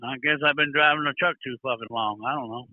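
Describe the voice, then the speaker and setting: A man playing a gruff, profane older trucker caller with a Southern accent, drawling and touchy. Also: fairly high pitch, quick pace, no room sound, lightly acted. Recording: tinny phone line.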